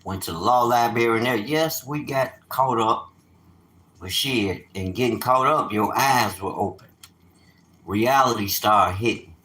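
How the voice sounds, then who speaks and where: A man in his fifties telling stories on a casual livestream, animated and streetwise, with sudden loud outbursts. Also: medium pitch, a little slow, roomy sound, rough recording. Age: 50s. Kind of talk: casual storytelling.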